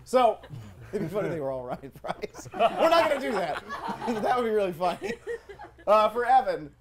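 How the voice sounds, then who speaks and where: A man's voice: high-pitched, sing-song, a crowd in the background. Giggly male improv host, audience around. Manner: upbeat, giggly, quick asides. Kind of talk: hosting a live improv show. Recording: live audience in the room.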